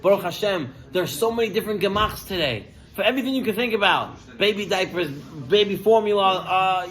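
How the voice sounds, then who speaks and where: Male rabbi, sermon storyteller, slightly high voice, animated, acts out the characters. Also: brisk, few pauses, rough recording.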